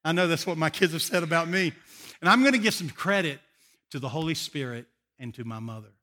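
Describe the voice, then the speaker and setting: An older male pastor preaching, telling personal stories with animated, emotional delivery. His voice is bright and forceful and sits somewhat high for a man. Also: a little fast. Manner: animated, emotional storytelling with frequent laughs. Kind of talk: sermon with personal storytelling.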